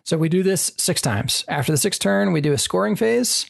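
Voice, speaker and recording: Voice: medium pitch, expressive, normal speed, vocal fry. A player explaining board game rules step by step, with frequent fillers, in a casual tone.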